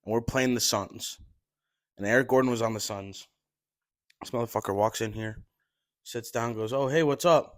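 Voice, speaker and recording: A man telling stories in casual chat, animated, swearing and laughing as he goes. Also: on the low side, moderate pace, long pauses, no room sound. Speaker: podcast guest telling stories.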